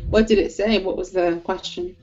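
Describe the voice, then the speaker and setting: A woman's voice: mid-range voice, big pitch swings, normal speed, darkish tone. A woman co-hosting a podcast in casual chat, giggly and teasing as she tells stories. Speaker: podcast co-host. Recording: slightly muffled recording, faint music.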